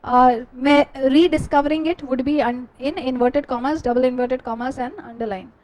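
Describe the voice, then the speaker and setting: High-voiced Indian woman dictating notes. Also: fairly even intonation, darkish tone, rough recording. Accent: Indian English. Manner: slow dictation, repeating each phrase. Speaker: teacher.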